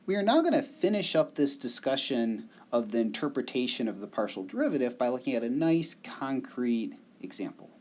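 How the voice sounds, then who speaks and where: Guy teaching a math class, slow and careful, pitch bouncing around a lot, endings fade off quiet. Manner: slow, explanatory, animated pitch with soft trailing ends. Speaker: math lecturer. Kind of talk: recorded math lecture.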